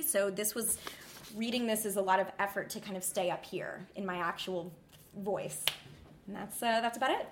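A woman's voice: mid-range voice, normal speed, a little hiss or hum. A young woman with a Los Angeles accent touched by New York, talking casually about how she speaks, rambling with lots of fillers. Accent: Los Angeles, with some New York. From United States. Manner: relaxed, rambling, many fillers.

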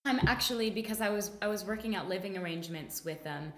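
A woman's voice: mid-range voice, fast, fairly bright tone, a little hiss or hum. American woman with a Michigan accent, echoey. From Detroit, Michigan. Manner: friendly, laughs easily. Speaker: conversation partner. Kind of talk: casual chat. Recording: roomy echo.

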